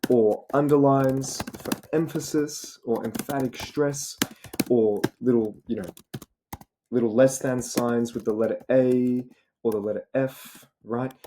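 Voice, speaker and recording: A man's voice: mid-range voice, steady tone, unhurried, mellow. A young man with an Australian accent tutoring students in an informal lesson, asking rhetorical questions and saying "right?" again and again. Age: young adult. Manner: rhetorical, repeats "right?" and "you know". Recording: noisy recording with keyboard clicks.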